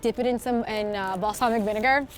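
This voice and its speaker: Female co-host, slightly high voice, chatty and gushing with a self-mocking edge, street recording with faint background noise. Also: steady tone, quick pace. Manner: chatty, enthusiastic, self-deprecating. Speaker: co-host and food taster. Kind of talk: casual food-tasting chat. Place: outdoors on city streets.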